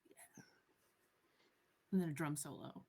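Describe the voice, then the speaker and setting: A woman's voice: low voice, slow, gravelly, dark tone, breathy edge, heavily acted. A woman playing a boisterous, attention-seeking rock drummer in improvised comedy role-play, cheeky and teasing. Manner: cheeky, teasing, laughs often.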